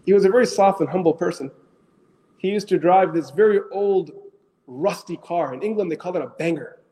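This middle-aged Islamic scholar tells stories to an audience with real animation, putting questions to his listeners and mixing in phrases. His voice is high and husky, and he talks fairly quickly.

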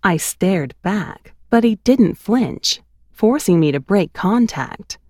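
A woman narrating her memoir in an expressive, storytelling cadence on a close studio mic. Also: mid-range voice, takes it slowly, no echo.

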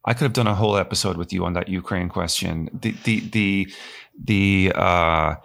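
A man hosting an interview who talks in an animated, halting way, stopping and restarting his sentences. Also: sits low, vocal fry. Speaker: podcast host, professor. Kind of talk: conversational interview.

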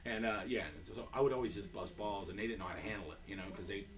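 A man's voice: on the low side, very fast, distant mic, a crowd in the background. A man, a comedian guest, telling profane rambling stories in casual chat. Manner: rambling profane storytelling with many fillers.

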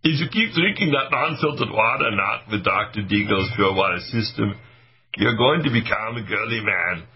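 A man's voice: lowish voice, animated, normal speed, husky, exaggerated voice. A man putting on a macho bodybuilder-actor voice as a mocking joke. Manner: mocking, joking. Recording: muffled radio audio, faint music.

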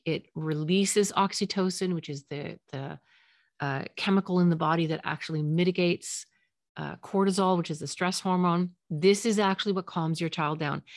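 A woman hosting a parenting podcast, talking gently and reassuringly in a solo advice episode. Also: fairly low pitch, no room sound, studio quality. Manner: gentle, reassuring, acts out parent and child lines.

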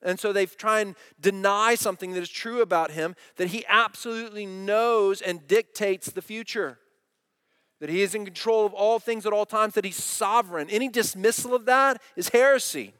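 A man's voice: high voice, normal speed, a bit bright, clean tone, no echo, studio quality. A middle-aged man preaching a sermon, earnest and direct, often asking the congregation questions. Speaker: pastor.

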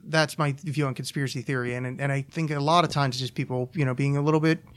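A man's voice: mid-range voice, steady tone, fast. A man hosting a solo podcast, ranting casually with profanity, restarts and repeated words. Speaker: podcast host.

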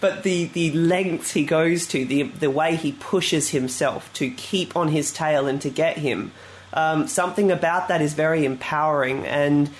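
A man with a slightly raised everyday voice, talking about a film in an easy, reflective way. He pauses to weigh his words and restarts sentences as he thinks. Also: fairly high pitch, slight background noise. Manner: thoughtful, reflective, with small hesitations. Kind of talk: conversational film discussion.

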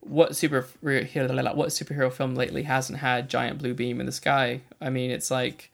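Creaky-voiced man chatting about films. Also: medium pitch, normal speed. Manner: animated, acts out quotes. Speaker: film reviewer. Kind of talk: casual chat.

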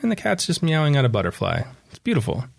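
Relaxed man walking through a picture book. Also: mid-range voice, fast, gravelly. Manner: relaxed, laughs often, guides breathing. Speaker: children's book presenter. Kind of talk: reading a picture book aloud in a conversation.

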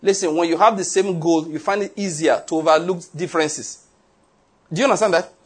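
Husky-voiced pastor preaching. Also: male voice, on the high side, a little fast. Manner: animated storytelling with rhetorical questions. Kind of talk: sermon.

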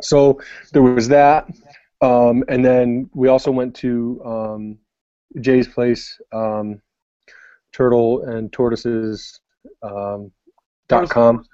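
A man's voice: mid-range voice, little pitch movement, extremely slow, pauses often, warm tone, smooth, dry recording, dull audio. A young adult man telling a long story in casual podcast chat, rambling with many fillers. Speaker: podcast co-host.

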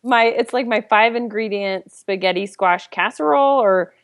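A woman guest chatting playfully on a podcast, laughing often. Her voice is mid-pitched and sounds dry and close. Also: normal speed, no room sound. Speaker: podcast guest, food blogger. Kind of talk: casual chat.

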